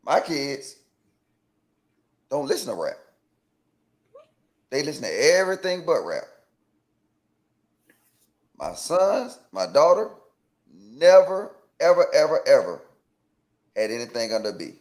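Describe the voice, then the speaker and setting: A man's voice: mid-range voice, unhurried, long pauses. A man from Atlanta co-hosting a call-in talk show, debating with pointed questions and stammered restarts. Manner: animated, asks pointed questions, repeats "right?". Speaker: co-host.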